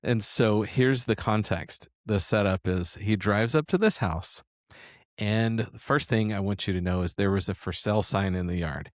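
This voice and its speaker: A man's voice: lowish voice, moderate pace, no echo, clean studio sound. A man hosting a sales coaching show, telling a story and promoting a training series in an enthusiastic, rambling way with frequent restarts. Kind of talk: casual sales coaching talk.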